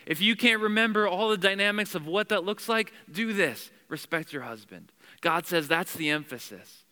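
A male pastor preaching to his congregation in a church, his voice bright and forceful and sitting a little high for a man. He hammers points home with repeated phrases and direct commands, then drops into casual asides. A long reverb from the hall trails each line. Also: lively intonation, moderate pace, clean tone. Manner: conversational asides and self-corrections. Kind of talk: sermon.

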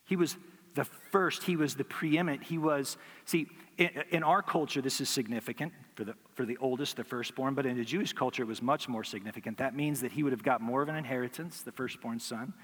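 A man's voice: medium pitch, fairly quick, a bit bright, husky, in a large hall. A man preaching a sermon as pastor, teaching through rhetorical questions and acting out imagined replies.

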